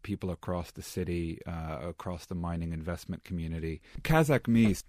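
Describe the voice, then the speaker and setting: Very deep-voiced man, halting and emphatic. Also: a little mellow, no room sound, studio quality. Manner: emphatic, halting with many restarts. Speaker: guest analyst. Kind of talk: studio discussion. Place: studio.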